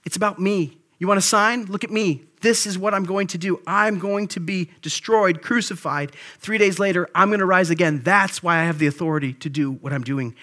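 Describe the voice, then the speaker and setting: A preacher putting on the voice of Jesus, a grown man who confronts the crowd with bright, forceful declarations. The voice sits high and every phrase comes out pressed and insistent. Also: brisk, hardly any pauses. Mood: solemn. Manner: emphatic, urgent declarations.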